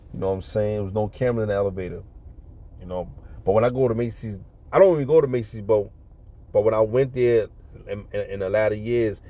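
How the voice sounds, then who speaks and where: Mellow-voiced New man telling a story. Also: fairly low pitch. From New York City. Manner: animated, acts out punches with sound effects. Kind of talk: casual storytelling.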